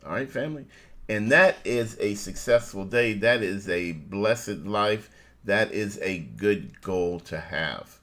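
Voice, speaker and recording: A man's voice: on the low side, lively intonation, slow pace, a bit bright. Folksy middle-aged man calling listeners family. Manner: folksy, laughs often, calls listeners family. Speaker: co-host. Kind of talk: casual live-stream chat.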